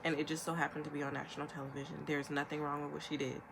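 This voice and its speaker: A woman's voice: low-pitched, creaky, noisy background. Emphatic young woman ranting on camera. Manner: emphatic, rapid-fire, animated with imitated quotes. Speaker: vlogger. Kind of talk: ranting commentary.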